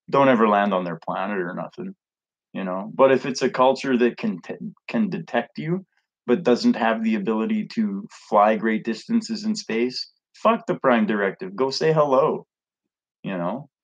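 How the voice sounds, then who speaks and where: A man's voice: lowish voice, moderate pace, highs cut off. A man ranting casually to camera as a vlogger, blunt, profane and rambling.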